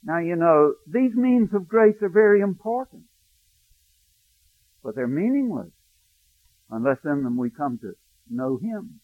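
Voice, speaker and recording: A male pastor preaching a sermon, telling a personal story, hushed in tender moments and rising to emphatic preaching. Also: a little high, very animated, measured pace, long pauses, dry recording. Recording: dry, thin phone-like sound.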